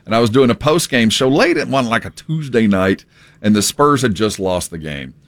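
Radio co-host, man from San Antonio, deep, lively storyteller, dry sound. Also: moderate pace, dry recording. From San Antonio, Texas. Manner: dry wisecracks and anecdotes. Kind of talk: casual radio banter and storytelling.

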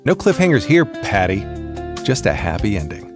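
A man's voice: lowish voice, big pitch swings, normal speed, music in the background. A man playing a smug, competitive book club reader in a radio ad, talking in a gloating way.

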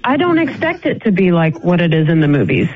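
Husky, exasperated American woman on a phone call. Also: fairly low pitch, big pitch swings, a little fast, no room sound. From United States. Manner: exasperated, incredulous. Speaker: prank call victim. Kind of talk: phone conversation.

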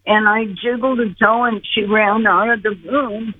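An older woman telling a personal story slowly and earnestly, calling in to a show. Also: a little high, fairly even intonation, breathy edge. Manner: earnest, acts out her own pleas. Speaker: guest recounting near-death experience. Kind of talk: slow storytelling. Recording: tinny phone line.

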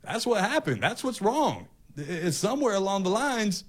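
A man's voice: high voice, sing-song, normal speed, breathy edge. A male talk show host delivering an impassioned, ranting opinion monologue, often repeating himself.

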